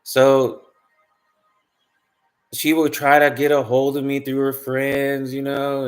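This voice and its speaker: A man telling a personal story in a casual monologue, rambling and emphatic, swearing freely. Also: mid-range voice. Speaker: spiritual vlogger.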